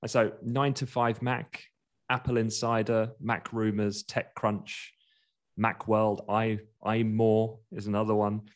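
A man hosting a casual market chat, talking quickly and laughing as he goes. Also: lowish voice, little pitch movement. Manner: chatty, laughs while talking, quick asides. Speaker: market commentator.

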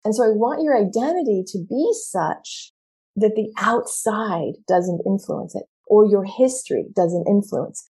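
A middle-aged woman giving a candid, animated motivational talk, acting out her own reactions as she coaches women. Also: medium pitch, slightly rough. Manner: candid and expressive, acts out quoted reactions.

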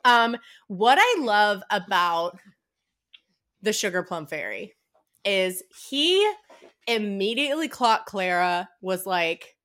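A woman co-hosting a casual book podcast, telling a story in a giggly, animated way with lots of fillers. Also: medium pitch, takes it slowly. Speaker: podcast co-host.

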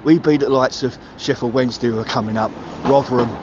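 Angry bloke ranting down a muffled phone, faint traffic behind, swears a lot. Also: male voice, medium pitch, fairly even intonation, fast talker. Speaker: caller. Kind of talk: voicemail rant.

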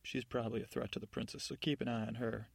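A man voicing a shrewd, coaxing fairy godmother in a sleep story, asking soft, sly, probing questions. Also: medium pitch, fairly even intonation, fast, vocal fry, no room sound. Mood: hushed. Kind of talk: sleep-story narration with character voices.

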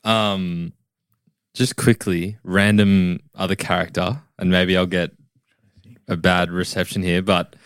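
Man, smooth clear low voice, dry close mic, casual film podcast. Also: level tone, slow, no echo. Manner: raises points, asks the group questions. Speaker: podcast co-host.

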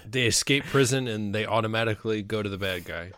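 A man's voice: fairly low pitch, fast, fairly bright tone, dry recording. A man co-hosting a podcast, making short dry wisecracks during a casual movie watch-along. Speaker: podcast co-host.

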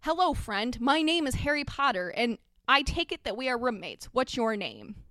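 Timid polite schoolboy, shy, stammering, fairly high voice, dry sound, as a woman puts him on. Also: big pitch swings, moderate pace, pushed and bright, dry recording. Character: timid polite boy wizard, new at school.

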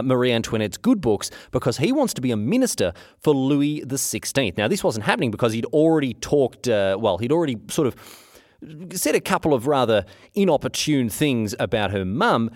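A man's voice: mid-range voice, dry recording, studio quality. A young man hosting a podcast, retelling history in a slangy, jokey way. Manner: slangy, jokey, lively retelling with put-on quotes. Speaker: podcast host. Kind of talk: casual history storytelling.

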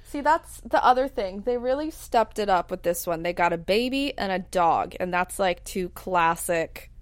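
A woman's voice: medium pitch, lively intonation, normal speed, no echo. Woman explaining plot in casual chat. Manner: explaining patiently, laughing often. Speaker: movie watch-along co-host.

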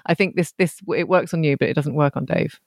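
A woman's voice: low-pitched, fast talker, gravelly, no room sound, studio quality. Chatty woman who laughs a lot. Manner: chatty, laughs often, self-mocking. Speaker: podcast co-host. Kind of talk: casual chat. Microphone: remote recording setup.

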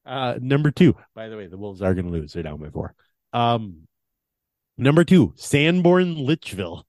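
A man's voice: lowish voice, expressive, fairly quick, darkish tone, dry recording. A man co-hosting a casual comedy podcast, reading a countdown with mock solemnity and laughing at his own bits. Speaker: podcast co-host.

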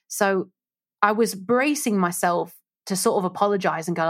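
A woman tells her stories in a lively, casual way as an interview guest. Her voice sits at a middle pitch, and she slips into the voices of the people she quotes. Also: normal speed. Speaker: radio presenter, guest.

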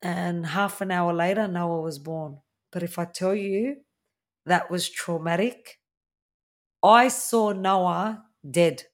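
A woman's voice: on the low side, unhurried. A woman in her thirties with an Australian accent, a podcast guest candidly telling her own story in a conversational way. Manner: candid, conversational, with fillers and quoted dialogue. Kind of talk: personal storytelling interview.

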